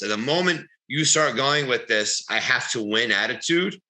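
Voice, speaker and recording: A man co-hosting a casual podcast, telling rambling, animated stories and swearing. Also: mid-range voice, moderate pace, poor audio. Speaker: podcast co-host, bodybuilder. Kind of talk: casual podcast chat, storytelling.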